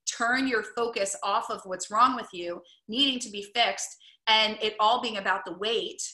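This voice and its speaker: A woman's voice: mid-range voice, normal speed, bright, forceful tone. A woman coaching in a casual, upbeat talk, full of "like" and "right?". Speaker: wellness coach. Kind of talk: casual teaching talk to camera. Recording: echoey room.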